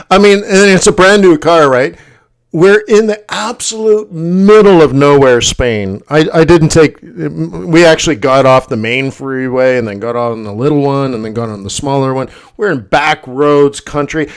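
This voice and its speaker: Animated man telling a story, clear voice. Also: on the high side. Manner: animated, jumps into quoted voices, laughs often. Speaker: forex livestream host. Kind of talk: casual livestream storytelling.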